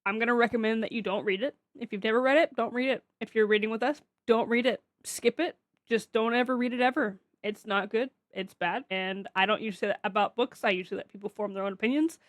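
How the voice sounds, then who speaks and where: Woman, podcast co-host, blunt and emphatic, slightly high voice, dry sound. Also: fast talker, few pauses, no room sound. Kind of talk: casual podcast chat.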